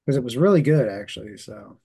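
A man's voice: medium pitch, lively intonation, fast, gravelly, mellow, husky. A man co-hosting a podcast in casual chat, laid-back and brief in his remarks.

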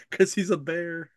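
A man's voice: on the high side, darkish tone, husky, no room sound, clean studio sound. Rambling man recapping a book. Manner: rambling, laughing, heavy on fillers. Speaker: podcast host reviewing books. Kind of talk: casual chat.

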